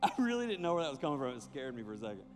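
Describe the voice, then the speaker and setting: A man preaching to a young crowd as a youth pastor, joking and animated, talking straight to his listeners. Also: mid-range voice, racing, long reverb tail. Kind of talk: sermon.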